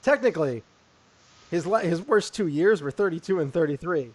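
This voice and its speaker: Podcast co-host, man, stat-heavy, animated delivery. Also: fairly high pitch, moderate pace. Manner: quotes stats, backchannels a lot. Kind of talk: casual sports chat.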